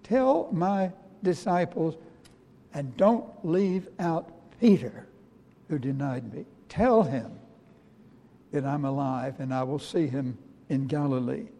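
A man in a sermon giving the words of Jesus, a calm and forgiving grown man, speaking slowly and tenderly. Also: a little high, creaky, heavily acted. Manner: slow, tender, quiet quoted speech. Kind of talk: quoted speech within a sermon. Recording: long reverb of a large hall.

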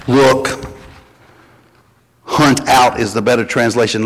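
A man preaching a sermon as pastor, folksy and animated, building to strong emphasis. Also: mid-range voice, normal speed, vocal fry, pauses often, husky, big-room sound.

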